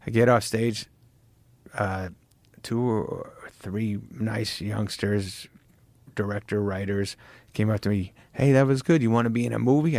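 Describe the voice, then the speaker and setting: Gravelly, low middle-aged man, casual guest chat, swearing and laughing through stories. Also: a little mellow, no echo.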